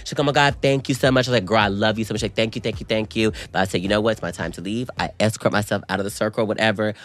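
A man co-hosting a podcast, telling a story in casual chat, very animated and swooping high when excited, calling everyone "girl". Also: racing. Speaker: podcast co-host.

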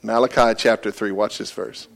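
A middle-aged male pastor preaching a sermon in a church, with call-and-response lines that build to loud, emphatic peaks. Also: lowish voice, steady tone, moderate pace, vocal fry.

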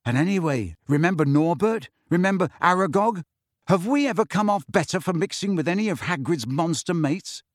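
A man doing a blunt, excitable teenage boy. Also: sits high, moderate pace, dry recording, studio quality, pitched above the performer's own voice. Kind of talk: audiobook reading.

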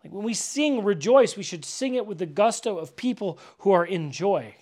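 Pastor, male, high-set voice, loose chatty sermon delivery with emphatic repeats. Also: expressive, normal speed, darkish tone. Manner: conversational, many "like" fillers, emphatic repetition. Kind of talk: casual sermon. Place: church gathering.

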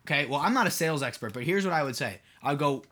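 A man talks through his solo podcast in a loose, casual monologue. His voice sits a touch higher than most men's, and he keeps turning to his listeners with rhetorical questions, padding his thoughts with "like.". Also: expressive, rapid-fire, bright, forceful tone. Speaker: podcast host and mentor.

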